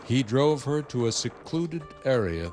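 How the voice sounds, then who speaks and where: A man's voice: medium pitch, sing-song, measured pace. A man narrating a news story in a dramatic, scripted style. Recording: music bed underneath.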